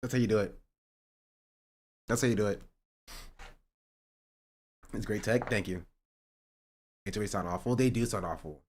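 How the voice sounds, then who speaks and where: A young man streaming live, chatting casually and joking sarcastically, and he sometimes rises into an animated rant. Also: on the low side, moderate pace, long pauses. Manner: joking and sarcastic, reading chat aloud; rising to animated ranting. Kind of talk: casual livestream chat.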